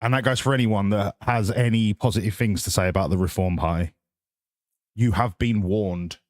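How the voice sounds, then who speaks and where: A man's voice: on the low side, moderate pace, no room sound, studio quality. A man, chatting casually with his viewers on a live stream in sarcastic, sweary, mock-lecturing rants.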